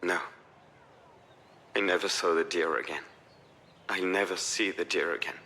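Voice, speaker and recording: An actor playing a weary, troubled man reaching out to his family, speaking in a subdued, husky voice for a game. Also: sits low, steady tone, measured pace, bright, forceful tone, slight background noise, exaggerated voice. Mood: melancholy. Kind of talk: game voice acting.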